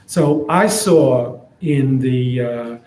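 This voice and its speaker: A man teaching an adult education class on a scripture story, in an easygoing, thoughtful way with many pauses and fillers, in a synagogue classroom. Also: mid-range voice, mellow. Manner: slow, thoughtful, with frequent hesitations. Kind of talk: informal Torah class. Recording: roomy echo.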